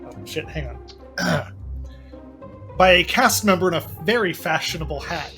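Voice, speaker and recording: A man's voice: fairly high pitch, lively intonation, measured pace, pushed and bright, faint music behind. A man running a tabletop game as game master, narrating loosely and hesitantly with many fillers.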